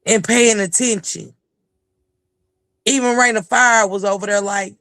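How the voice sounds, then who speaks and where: A woman's voice: mid-range voice, fairly even intonation, unhurried, long pauses, fairly bright tone, no room sound, clean studio sound. A woman calling in as a livestream guest, chatting casually in a rambling way with lots of fillers. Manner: rambling, with many restarts and fillers. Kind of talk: casual call-in commentary.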